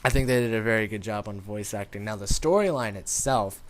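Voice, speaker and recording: Guy with a lowish voice doing chill game commentary, rambling, talking to viewers. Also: a little fast. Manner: rambling, informal, addresses viewers directly. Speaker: gaming commentator. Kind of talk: casual gameplay commentary.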